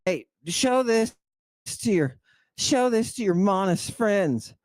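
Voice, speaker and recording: A man's voice: high voice, animated, slow pace, darkish tone, dry recording. A man giving a livestream lecture on ancient texts, theatrical and exclamatory, addressing his listeners as a congregation.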